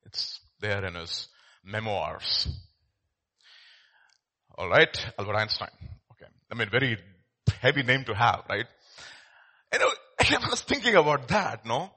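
A man's voice: mid-range voice, sing-song, unhurried, long pauses, pushed and bright. A man preaching a sermon as pastor, telling stories in a conversational way with many fillers and restarts.

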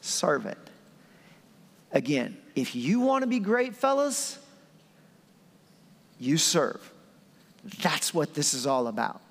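A man's voice: a little high, very animated, a little slow, breathy edge, in a large hall. A man preaching a sermon in a conversational, storytelling way, acting out scenes with his voice. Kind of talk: animated sermon.

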